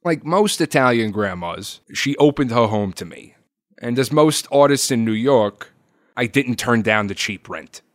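A man in his thirties telling a personal story in a conversational way, often dropping low and soft at the ends of phrases. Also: animated, measured pace, no room sound, clean studio sound. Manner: conversational, drops to a low aside at line ends.

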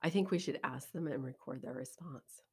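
A woman co-hosts a podcast in casual chat, stating her points in short, emphatic bursts. Her voice sits fairly low with a gravelly fry, and she speaks with conviction. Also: fairly quick, dark tone. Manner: emphatic, making points in short punchy lists. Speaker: podcast co-host.

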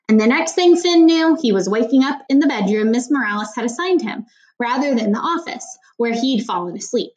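A woman's voice: fairly high pitch, animated, moderate pace, low-quality recording. A woman reading a children's novel aloud, with small slips and restarts. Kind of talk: audiobook narration of a children's novel.

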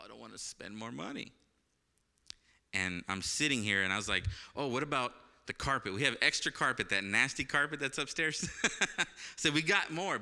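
A male pastor tells a personal story from the pulpit, acting out the voices of the people in it before dropping into hushed reverence. His voice is very bright and crisp. The sound carries the long echo of a church hall. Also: lowish voice. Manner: animated storytelling, acts out voices, laughs often, turns quiet and reverent. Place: church sanctuary.

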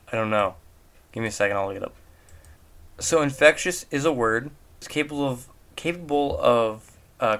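This home-recorded movie reviewer speaks with a medium pitch and a slightly bright quality. Casually commenting on the film, he keeps asking rhetorical questions in mocking disbelief.

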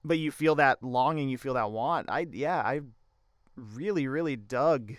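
Male guest, casual chat, earnest and reflective, smooth resonant tone, dry sound. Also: mid-range voice, unhurried, no room sound. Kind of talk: casual anime discussion.

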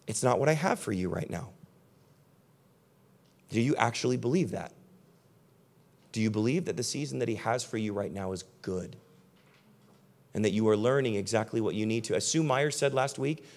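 A man's voice: medium pitch, fairly quick, darkish tone. A young man preaching a sermon to a live audience in a conversational, emphatic way, speaking directly to his listeners. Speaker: pastor. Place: church hall with a live audience.

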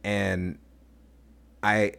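A man's voice: on the low side, flat delivery, extremely slow, gravelly, a bit bright. A man co-hosting a podcast, talking in a loose, reflective way with many fillers. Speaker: podcast co-host. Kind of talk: casual chat.

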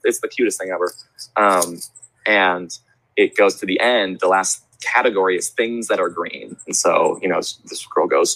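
A young man as an interview guest, telling stories in casual chat and acting out quoted voices with big jumps in pitch. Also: fairly even intonation, moderate pace, fairly bright tone, slightly rough, no room sound, low-quality recording. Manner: rambling restarts and fillers. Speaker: interview guest, sports event host.

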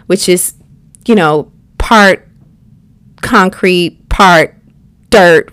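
A woman from the United States telling a personal story in a chatty, animated way, speaking straight to her listeners and acting out the people in it. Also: lowish voice, clean tone, no echo.

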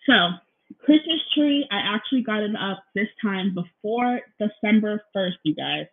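A woman's voice: mid-range voice, lively intonation, moderate pace. Rambling young woman on a tinny laptop mic. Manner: rambling, apologetic, frequent ums and "you guys"; nervous, feels out of breath. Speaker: podcast host. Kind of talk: casual solo podcast chat. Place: her apartment. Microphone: laptop recording, headphones in. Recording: tinny phone-like laptop recording.

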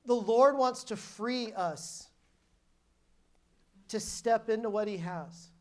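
A woman's voice: on the high side, slow pace, mellow. A woman preacher giving a sermon as a personal testimony, telling her story emphatically and often restarting her sentences.

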